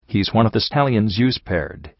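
Blunt male earth pony read by a man, low flat-out delivery, dry dull audio. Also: normal speed, no room sound.

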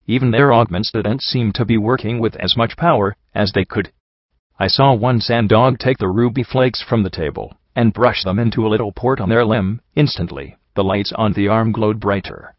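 A man narrating an audiobook story in a steady, even storytelling manner. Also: on the low side, moderate pace, no room sound, muffled recording. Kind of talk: audiobook narration of fan fiction.

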